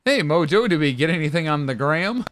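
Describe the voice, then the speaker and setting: A man's voice: on the high side, expressive, brisk, a bit bright. A man co-hosting a wrestling podcast in casual, profane, sarcastic chat, a bit winded and losing his voice. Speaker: podcast co-host.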